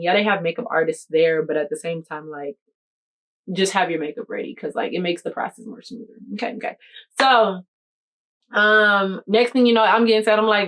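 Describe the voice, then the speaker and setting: A young woman with a way of speaking, chatting through a storytime for her viewers. Her pitch sits in the middle of the range, and she talks lively and direct. She keeps checking in with the listener as she goes. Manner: animated, addresses the viewer directly with "you hear me?" and "okay, okay". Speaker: vlogger telling a story. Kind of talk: casual storytime chat.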